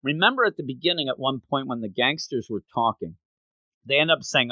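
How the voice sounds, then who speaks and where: Animated man with a bright, lively voice. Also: medium pitch, no room sound. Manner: animated, acts out lines in quick voices. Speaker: podcast co-host. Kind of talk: casual chat recapping a manga chapter.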